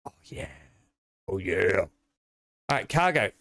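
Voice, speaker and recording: A man's voice: low voice, big pitch swings, takes it slowly, vocal fry, fairly bright tone. Chatty Australian man streaming a game. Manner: rambling, chatty, greets chat viewers by name. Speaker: live streamer. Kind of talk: casual live-stream commentary while playing.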